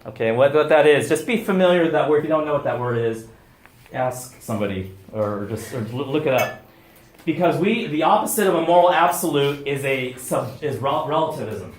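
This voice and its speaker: Deacon speaker, excitable and loud, slightly high voice, echoey restaurant room. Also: male voice, fairly quick. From United States. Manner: excitable, loud bursts, many fillers and restarts. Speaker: deacon giving a talk. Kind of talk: lively public talk.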